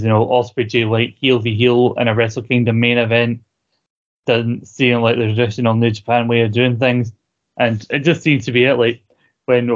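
A man co-hosting a podcast, chatting casually about wrestling, laughing often and swearing freely. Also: medium pitch. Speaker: podcast co-host. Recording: dull lo-fi recording.

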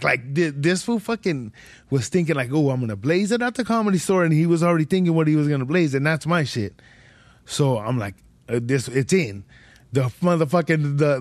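A man's voice: mid-range voice, a little mellow, dry recording. A young man telling a long story on his podcast, swearing constantly and rambling. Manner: heavy swearing, slangy, rambling. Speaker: podcast host. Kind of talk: casual storytelling.

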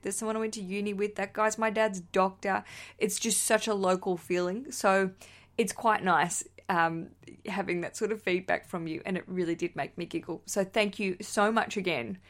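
An Australian woman likely in her thirties hosts a wedding podcast at normal speed, her medium-pitched voice fairly even in intonation. She's bubbly and chatty as she reads listener messages, often laughing and swearing casually.

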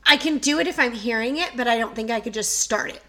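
A woman's voice: a little high, fast, bright, forceful tone. A middle-aged woman co-hosting a podcast, telling a story in a chatty, casual way. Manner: chatty, storytelling, laughs often. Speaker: podcast co-host. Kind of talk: casual chat.

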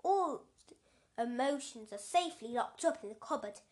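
A woman's voice: a little high, expressive, normal speed, natural voice. A woman voicing a bossy male brain numbskull who lives inside a boy's head.

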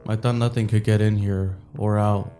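A woman voicing a wary male warrior, speaking low and uneasy. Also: steady tone, normal speed, mellow, soft background music.

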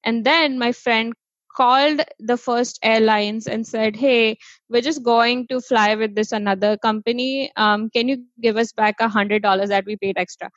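A woman's voice: on the high side, fairly even intonation, moderate pace, no echo, dull audio. A woman co-hosting a casual chat, talking freely with frequent laughs and many "um"s. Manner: chatty, laughs often, many fillers.

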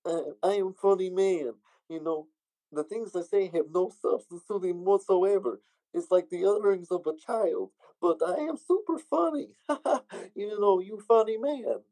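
A man's voice: sits high, unhurried, mellow, pitched above the performer's own voice, rough recording. A man putting on a thick Eastern European accent, playing a boastful friend who gives backhanded compliments. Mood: mocking. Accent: put-on Serbian accent.

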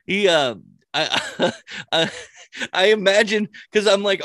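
With a slightly high voice at a moderate pace and no room sound, a man chats casually, telling animated stories full of swearing and frequent laughter.

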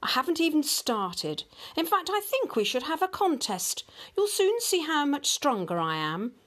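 A woman's voice: sits high, sing-song, normal speed, a bit bright, pitched above the performer's own voice. A woman doing a bragging, taunting north wind. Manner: showy, taunting, jeering.

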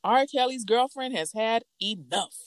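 A woman in casual chat, telling a gossip story with lively acted-out quotes. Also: unhurried, dry recording. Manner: animated storytelling, acts out quotes in a higher voice.

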